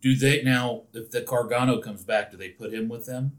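A man's voice: mid-range voice, fairly even intonation, moderate pace. An opinionated man co-hosting a casual podcast, often restarting his sentences. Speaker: podcast co-host. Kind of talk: casual chat.

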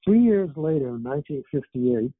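A man's voice: a little high, animated, moderate pace, breathy edge. A man in his seventies, an author who was born in England and raised in Canada, chatting in a rambling way with many fillers as an interview guest over a tinny phone line. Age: 70s. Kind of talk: casual interview chat.

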